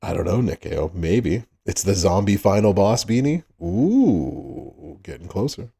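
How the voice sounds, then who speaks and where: A man with a deep, gravelly voice chats loosely through a livestream, calling out viewers by name and chuckling between greetings. His tone is dark and mellow, and he talks at an unhurried pace. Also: big pitch swings. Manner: laid-back, greets chat by name, laughs often. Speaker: livestream host.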